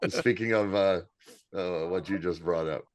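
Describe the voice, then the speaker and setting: A man in his fifties co-hosting a podcast, telling animated, profane stories in casual chat. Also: low-pitched, unhurried. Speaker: podcast co-host.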